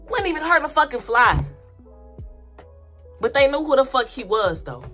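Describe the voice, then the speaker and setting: A woman's voice: high voice, very animated, moderate pace, long pauses, a bit bright, soft background music. A woman vlogger giving spiritual commentary in a blunt, profane, emphatic rant that repeats points over and over. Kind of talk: ranting casual commentary.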